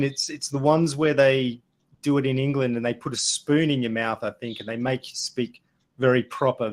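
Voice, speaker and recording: A middle-aged man with an Adelaide Australian accent, chatting casually through a webinar about accents, relaxed and anecdotal, with frequent fillers. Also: medium pitch. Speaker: guest speaker. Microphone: video call.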